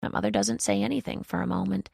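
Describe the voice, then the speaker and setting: A woman reading a novel in the first person as an audiobook narrator, in an even, reflective way. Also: mid-range voice, quick pace, creaky, husky, no room sound, clean studio sound.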